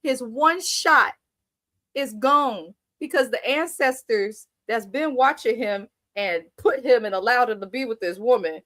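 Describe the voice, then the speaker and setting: Animated, high-voiced woman recapping TV. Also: a little slow, dry recording. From Kenya. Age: 30s. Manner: animated, laughing, blunt and profane storytelling. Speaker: show recap host. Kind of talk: live TV recap commentary.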